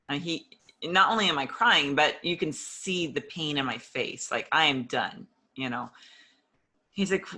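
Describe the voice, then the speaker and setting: A woman shares her own story as an interview guest, speaking earnestly and with raw emotion. She slips into the voices of old conversations while she recounts them. Her tone is very bright and edged, set in a lowish register. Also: unhurried, long pauses. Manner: earnest, openly emotional, re-enacts past conversations. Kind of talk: personal testimony in an interview.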